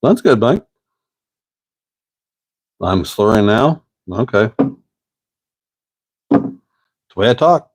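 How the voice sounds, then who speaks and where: A man's voice: medium pitch, sing-song, husky, no room sound. A man, rambling in a folksy way as the host of a casual live-stream chat. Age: 50s. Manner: rambling, folksy, drawn-out pauses.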